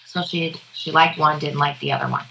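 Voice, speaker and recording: Bright-voiced woman telling a story. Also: deep voice, a little fast, vocal fry, a little hiss or hum, rough recording. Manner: profane, animated storyteller who laughs often. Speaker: podcast co-host. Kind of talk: casual storytelling chat.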